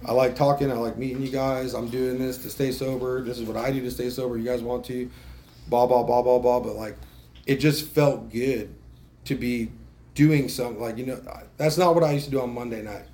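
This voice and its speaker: A man's voice: medium pitch, fairly even intonation, fairly quick, darkish tone. Profane man telling his story. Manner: casual, profane, self-mocking, with frequent fillers and restarts. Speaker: speaker sharing his recovery story at a meeting. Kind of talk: candid spoken testimony.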